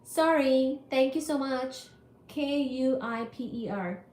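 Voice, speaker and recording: A woman on a livestream talks to her viewers at an unhurried pace, in a slightly high voice, apologizing and chatting while she recovers from being sick. Her voice rings in an echoey room with a faint hum behind it. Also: a little mellow. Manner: chatty and apologetic, reads viewer comments aloud. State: recovering from illness. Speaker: livestream host teaching physics. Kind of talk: casual livestream chat with viewers.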